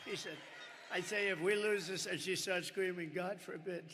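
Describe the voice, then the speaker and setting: In a high-pitched, steady voice at a moderate pace, an older man campaigns from a podium mic at a crowded rally. His speech rambles with superlatives and crowd asides, and the sound is echoey with audience noise.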